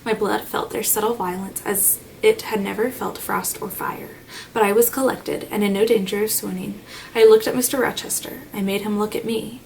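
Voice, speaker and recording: Woman reading a classic novel, gravelly. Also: mid-range voice. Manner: measured, expressive reading. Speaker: audiobook narrator. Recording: slightly distant mic, faint noise.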